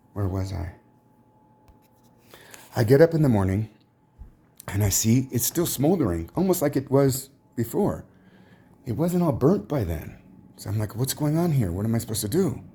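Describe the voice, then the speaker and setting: A man telling a personal religious testimony in a rambling, halting way, full of restarts and trailing asides. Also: deep voice, dark tone, slightly rough. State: tired, emotionally drained. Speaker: religious teacher.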